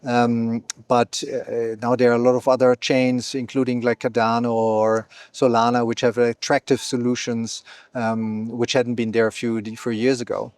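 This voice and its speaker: A man's voice: mid-range voice, little pitch movement, normal speed, a little mellow, smooth, no echo. Man talking in a very dry close sound. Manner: fluent, many fillers and restarts. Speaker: exchange founder, guest. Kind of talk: conversational interview. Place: event venue.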